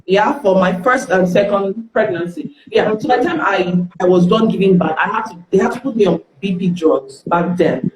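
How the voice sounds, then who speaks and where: Nigerian woman guest, lively storyteller who voices the people in her stories; roomy, echoing recording. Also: mid-range voice, moderate pace, few pauses, slight background noise. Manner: lively, acts out dialogue in the stories. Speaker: guest speaker. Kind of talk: candid storytelling on a live stream. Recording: roomy echo.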